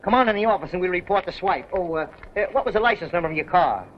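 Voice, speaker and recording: An actor playing a brash, fast-talking used car dealer in a 1930s comedy film. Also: male voice, high voice, animated. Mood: brisk. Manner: brash salesman patter. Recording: dull 1930s film soundtrack, faint hiss.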